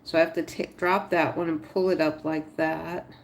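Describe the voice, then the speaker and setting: A woman with a deep, level voice and vocal fry speaks at a moderate pace while livestreaming a crochet tutorial. She narrates casually, thinking aloud step by step, chatting with viewers and even talking to her stitches.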